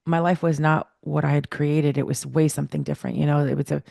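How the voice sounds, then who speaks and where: A middle-aged woman telling a personal story as a podcast guest, animated and acting out the dialogue she remembers. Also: low-pitched, fast talker, creaky, dry recording, clean studio sound.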